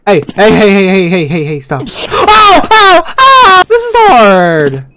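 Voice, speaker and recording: A man giving excitable let's-play commentary, yelping and shouting at scares and muttering quietly to himself in between. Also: high voice, normal speed, a little hiss or hum. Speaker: gamer.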